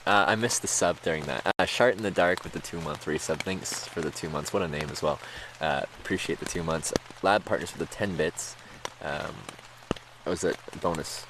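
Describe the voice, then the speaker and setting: A man's voice: low-pitched, normal speed, noisy background. A man streaming, telling a story to his chat in a rambling, casual way with lots of fillers and laughs.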